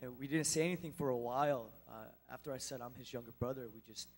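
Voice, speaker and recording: A young man speaking at a church, telling a personal testimony in a halting, emotional way with many restarts. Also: mid-range voice, poor audio.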